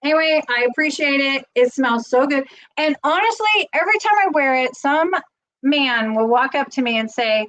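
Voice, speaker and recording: A woman's voice: sits high, animated, moderate pace, fairly bright tone, poor audio. A middle-aged woman hosting a casual live stream, chatty and rambling, getting teary as she talks. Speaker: channel host.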